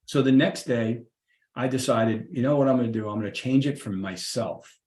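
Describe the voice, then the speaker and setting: Lively middle-aged man in a roomy space. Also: mid-range voice, brisk. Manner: lively, acts out the people in his stories. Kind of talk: casual anecdotal storytelling. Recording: roomy echoey room.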